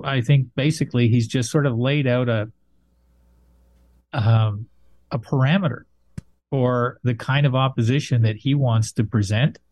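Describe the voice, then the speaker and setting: A man talking through politics in a measured, thoughtful way, pausing on fillers as he builds his point. His voice sits at an ordinary middle pitch. The sound is dry and close. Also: a little mellow, no room sound. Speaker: political analyst. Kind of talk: casual political commentary.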